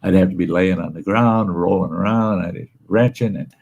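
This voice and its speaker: A man's voice: sits low, moderate pace, creaky, a little mellow, highs cut off. A man hosting a livestream, chatting casually and telling folksy, rambling stories, with easy laughter and casual swearing. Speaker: livestream host. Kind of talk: casual chat and storytelling. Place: room at home where he smokes.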